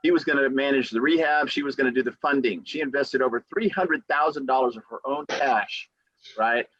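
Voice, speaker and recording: A man's voice: mid-range voice, a little fast, no echo. Dry, slightly muffled male attorney talking. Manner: animated storyteller who acts out quotes; repeats key phrases for emphasis. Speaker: real estate attorney. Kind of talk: motivational podcast talk.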